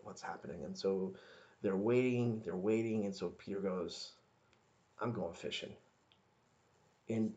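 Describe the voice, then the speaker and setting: Earnest low-voiced man teaching scripture. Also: darkish tone. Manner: halting, many restarts, earnest and conversational. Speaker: podcast devotional speaker. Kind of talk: informal devotional teaching.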